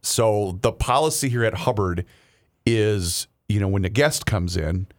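A man's voice: lowish voice, measured pace. A man hosting a radio show, chatting casually and telling rambling stories full of restarts. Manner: rambling, self-interrupting storyteller.

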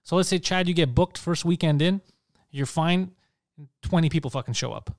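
A comedian talking in a casual podcast chat, profane and animated, laughing often. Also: male voice, a little high, moderate pace, dry recording, clean studio sound.

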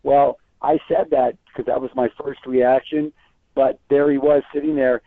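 A man's voice: mid-range voice, little pitch movement, moderate pace. A man, an entertainment reporter, chatting as a guest and telling stories, often restarting his sentences. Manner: chatty storyteller with frequent restarts. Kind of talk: casual phone interview. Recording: tinny phone line.

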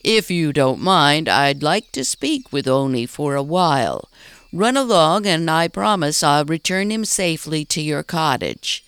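Storybook role: woman reading a gentle plush bear mayor, courteous and grave, low and slow. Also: animated, clear, resonant tone, no echo, exaggerated voice. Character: kindly stuffed bear mayor, male, formal.

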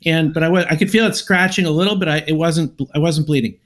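High-voiced man telling a story. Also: fast. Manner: animated storyteller, acts out both sides of an argument. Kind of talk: casual storytelling chat.

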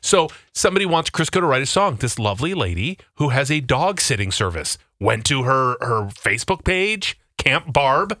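A chatty male radio host in casual banter. His voice is bright and lively in pitch, and the sound is dry and close to the mic. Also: no echo. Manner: chatty, quick to laugh.

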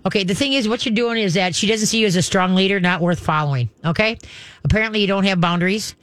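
A woman's voice: mid-range voice, fast, a bit bright, no echo. A woman hosting a call-in radio show, chatting, giggling and rambling through advice for a caller.

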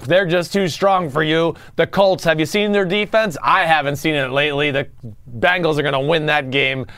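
A man co-hosting a casual sports podcast, loudly and playfully trash-talking teams with mock farewells. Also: fairly high pitch, moderate pace, a little hiss or hum. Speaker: co-host picking games.

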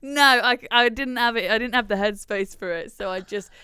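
A woman's voice: a little high, normal speed, sharp tone, smooth, dry recording, studio quality. A young woman co-hosting a podcast in casual chat, laughing often. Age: young adult. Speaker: podcast co-host.

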